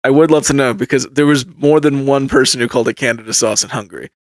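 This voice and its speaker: A male podcast host telling an eerie true story in a casual, animated way, building suspense with pauses. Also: medium pitch, dry recording.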